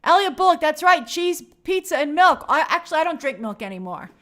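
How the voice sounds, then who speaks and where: Woman, high voice, chatty livestream host, upbeat, reads comments aloud. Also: sing-song, a little fast, fairly bright tone. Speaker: host reading live chat. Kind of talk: casual livestream chat.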